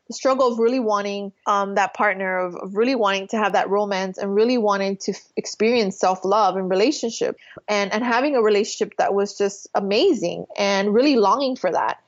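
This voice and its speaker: A woman's voice: medium pitch, highs cut off. A woman guest on a podcast, telling a spiritual personal story in an earnest, emotional way, full of fillers. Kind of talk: casual interview storytelling.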